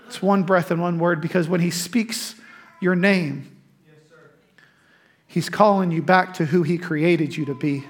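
A man preaching a sermon as pastor, emphatic and animated, breaking into laughing asides. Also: sits high, moderate pace.

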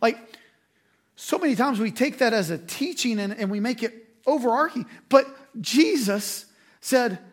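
A man's voice: very high-pitched, expressive, measured pace. A man preaching a sermon as a pastor, in a conversational, emphatic way with quoted asides.

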